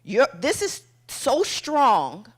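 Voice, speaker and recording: Woman giving a keynote on stage, talks real slow, punchy little lines, goes quiet and hushed for the tense bits. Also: high-pitched, huge pitch swings, husky. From United States. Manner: dramatic storytelling with punchy short phrases; acts out quoted voices, drops to a hush for tense moments. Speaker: motivational speaker. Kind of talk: motivational keynote speech. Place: event stage before an audience.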